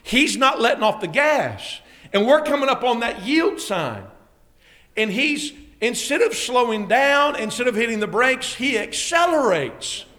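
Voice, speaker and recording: High bright-voiced preacher man. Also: a little slow. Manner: storytelling, rising to shouting excitement. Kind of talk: sermon illustration story.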